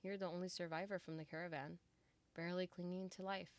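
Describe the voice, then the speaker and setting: A woman voicing a polite, formal male doctor who speaks in a calm, measured, guarded way. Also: lowish voice, no room sound, natural voice.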